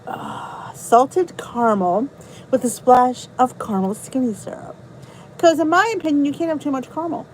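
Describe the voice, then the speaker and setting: A middle-aged American woman chats on a home livestream, her fairly high voice swooping up and down as she greets viewers one after another. She talks bubbly and loose, quick to laugh, picked up by a phone on a stand. A faint hiss sits under the whole recording. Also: lively intonation, darkish tone, low-quality recording. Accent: US English. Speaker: YouTube livestream host. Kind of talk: casual live chat reading comments. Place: indoors at home. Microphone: phone or camera on a stand.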